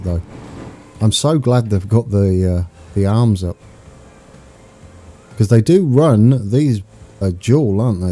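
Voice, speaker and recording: Brief: British male streamer, lowish voice, very dark and mellow, eager and chatty over faint music. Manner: excitable, chatty, talks to viewers. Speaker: game streamer. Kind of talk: live gameplay commentary.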